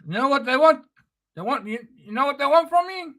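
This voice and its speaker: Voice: sits high, animated, fairly quick, a bit bright. A speaker delivering an angry, profane, sneering spoken-word rant.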